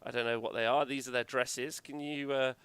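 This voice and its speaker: A man's voice: mid-range voice, steady tone, fairly quick, fairly bright tone, clear, resonant tone, no echo. A male host chatting casually on a live stream, swearing freely and filling gaps with "uh".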